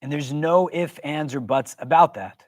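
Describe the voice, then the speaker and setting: A man's voice: on the high side, normal speed, no echo. A man teaching a religious class, talking conversationally and often putting questions to the audience. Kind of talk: interactive religious lesson.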